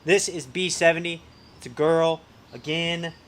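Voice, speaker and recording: A man's voice: fairly high pitch, measured pace, fairly bright tone, slight background noise. A man hosting a live reptile sale, chatting casually and enthusiastically about the animals. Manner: upbeat, enthusiastic, admiring. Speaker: livestream host selling reptiles. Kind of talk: casual live sales chat.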